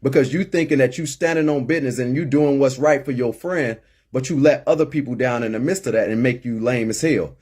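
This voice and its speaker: A man's voice: mid-range voice, fairly quick, a little mellow, breathy edge. A middle-aged man hosting a call-in show, talking emphatically and repeating words as he gets worked up. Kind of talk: impassioned monologue.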